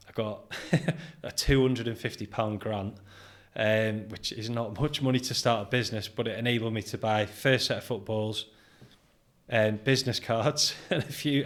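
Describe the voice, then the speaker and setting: A British man in his forties, a guest on a podcast, recounts his start in business in a relaxed, chatty way. His voice sits fairly low, and he slips into quoted dialogue as he tells his stories, breaking into laughter along the way. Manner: animated anecdote-telling, acts out quoted dialogue, laughs often. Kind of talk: casual interview storytelling.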